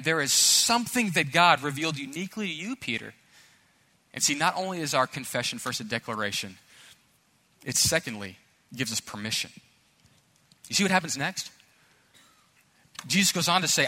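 A man's voice: on the high side, lively intonation, moderate pace, sharp tone. A male pastor preaching a sermon with emphatic, earnest delivery and storytelling asides, recorded in a church sanctuary. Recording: long hall reverb in a church.

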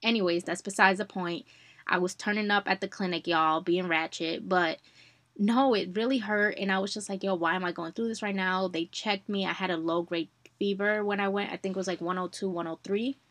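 A young woman hosting a podcast, telling a personal story in a chatty, animated way and calling her listeners y'all. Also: on the low side, normal speed, no room sound. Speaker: podcast host.

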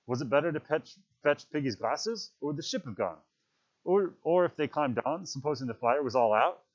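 A male audiobook narrator with a mid-range voice reads a novel in scripted narration. The recording is dull and lo-fi.

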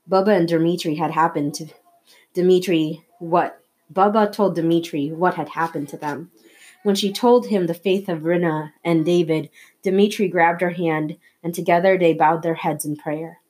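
Female audiobook reader, lowish voice, expressive storytelling with the odd stumble. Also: normal speed, slightly rough. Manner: expressive storytelling, slight slips and restarts. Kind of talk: reading a novel aloud.

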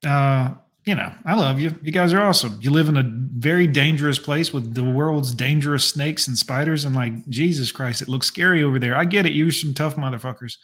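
A man's voice: medium pitch, a little fast, few pauses, a bit bright. A man hosting a reaction video, making sarcastic, mocking asides in casual, profane commentary.

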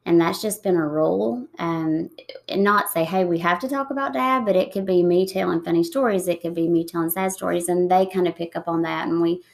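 Soft-spoken woman, low gravelly voice. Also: steady tone. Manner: soft-spoken, reflective, with many pauses and fillers. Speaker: guest. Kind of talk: emotional interview conversation.

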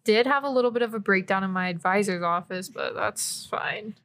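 A woman in her twenties co-hosting a podcast, telling stories in a relaxed, wry way. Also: medium pitch, fairly quick. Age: 20s. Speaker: podcast co-host. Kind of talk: casual chat.

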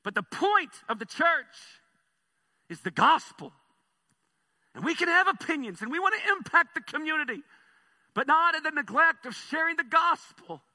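A man preaching a sermon as pastor, telling stories with animated swings between soft and loud delivery. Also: very high-pitched, moderate pace.

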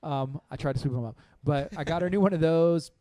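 A man's voice: on the high side, fast, warm tone, no room sound. A man in his thirties co-hosting a morning radio show, chatting casually and rambling with frequent laughs.

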